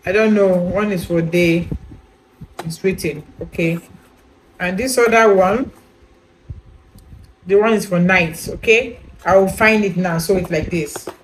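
This woman's voice is fairly low, and she talks unhurriedly with frequent pauses. Reviewing a skincare product in a chatty vlog, she rambles, leans on repeated "you know" fillers, and asks viewers directly if they follow. A faint hiss or hum marks the rough recording.

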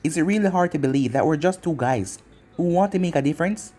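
A man's voice: on the high side, animated, quick pace, dark tone. A man playing a cocky, taunting young ninja. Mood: calm. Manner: mocking, taunting.

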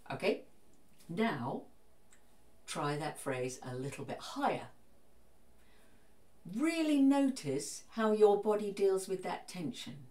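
Female vocal coach, lower register, calm and encouraging, set back from the mic in a reverberant room. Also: far from the mic. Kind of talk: guided singing lesson.

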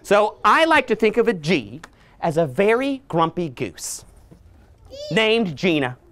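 In a public library room, a children's entertainer in her thirties gives an interactive phonics lesson, playfully teaching letter sounds and making silly noises and growls for the kids to copy. Her medium-pitched voice is animated yet unhurried, with slight background noise and a faint ukulele behind her.

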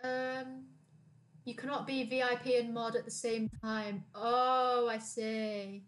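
A woman's voice: a little high, little pitch movement, takes it slowly. A young woman streaming a game, chatting casually and reading chat aloud.

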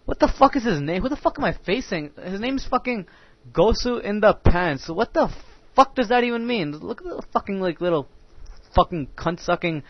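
Ranting crude young man, somewhat high voice. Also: lively intonation, moderate pace, dry recording. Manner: ranting, crude, heavy use of filler words. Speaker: gamer commentating his own match. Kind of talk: profane gameplay commentary. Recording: dull dry lo-fi mic.

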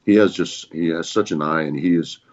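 A man's voice: a bass voice, fairly quick. A man talking as a podcast guest in an earnest, reflective way. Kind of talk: casual chat. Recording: muffled lo-fi.

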